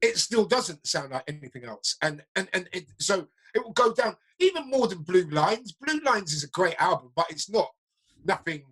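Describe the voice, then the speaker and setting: A man's voice: high voice, very animated, normal speed, fairly bright tone, slightly rough, low-quality recording. A man interviewing a friend in casual conversation, emphatic and stammering, with many repeated phrases.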